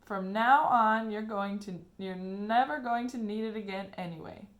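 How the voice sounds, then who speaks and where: A woman reading aloud and voicing an eccentric, excitable male chocolate maker who speaks grandly and emphatically. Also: mid-range voice, normal speed, natural voice. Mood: exuberant. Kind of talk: storybook read-aloud.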